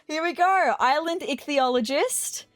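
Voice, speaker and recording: Woman, let's-play commentary, fairly high voice, excitable, gushing, faint game music behind. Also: dry recording. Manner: excitable, gushing, apologetic asides. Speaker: gaming video host.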